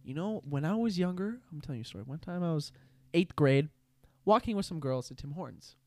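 A young man in casual chat, telling stories and ranting in quick animated bursts. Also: fairly high pitch.

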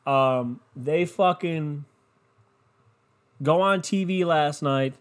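A man's voice: on the high side, extremely slow. A man talking casually and alone, rambling and swearing, often trailing off into a mumble. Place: home room with a barking dog.

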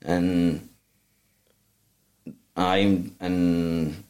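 A low-pitched man with a broad Glasgow Scottish accent tells his story as a podcast guest. His speech is blunt and full of swearing, and it tumbles along with restarts. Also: flat delivery, drawn-out words, darkish tone. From Glasgow, Scotland. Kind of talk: candid storytelling in a podcast interview.

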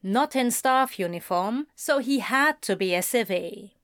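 A woman narrating a story in a slow, measured storytelling voice. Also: a little high, expressive, fairly bright tone, dry recording, clean studio sound. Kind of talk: fan fiction audiobook reading.

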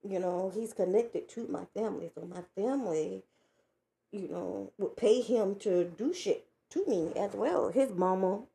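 Woman venting her story, lots of cussing, dark gravelly voice. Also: mid-range voice, a little slow. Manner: blunt, profane, animated retelling. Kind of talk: casual storytelling vlog.

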